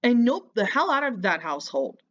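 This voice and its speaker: A woman's voice: on the high side, big pitch swings, brisk, highs cut off. A woman giving casual reaction commentary, mocking and lecturing the person in a clip.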